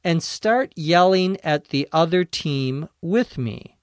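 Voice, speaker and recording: A man voicing a rowdy adult sports fan who heckles and taunts the other team, read slowly and with a slightly higher pitch than a normal speaking voice. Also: animated, clear, resonant tone, dry recording, clean studio sound. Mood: taunting. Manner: loud taunting yells.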